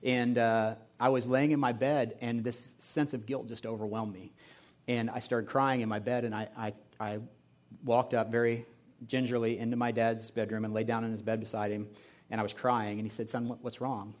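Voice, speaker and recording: A middle-aged male pastor from Indianapolis delivers a sermon in a relaxed, storytelling manner. His mid-range voice often sinks to a quiet, hushed level, with plenty of fillers along the way. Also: mid-range voice, normal speed. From Indianapolis, USA. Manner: conversational storytelling, often dropping to a soft, hushed tone.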